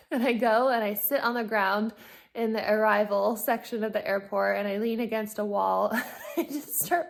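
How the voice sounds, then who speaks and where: A woman's voice: medium pitch, moderate pace, vocal fry. A woman vlogger casually recounting a hard travel day, acting out the people she met and laughing often. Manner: animated, acts out quoted exchanges, laughs often. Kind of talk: casual storytelling vlog.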